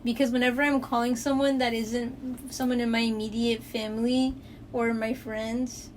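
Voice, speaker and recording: Casting: young woman, high-ish voice, animated storyteller, slight background hiss. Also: normal speed. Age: young adult. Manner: animated storyteller, acts out quotes, swears freely. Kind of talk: casual chat.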